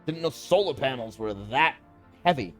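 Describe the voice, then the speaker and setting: A man streaming a city-building game, talking casually and mocking the characters and game mechanics in an animated, sarcastic way. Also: mid-range voice, moderate pace, soft background music. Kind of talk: casual let's-play commentary.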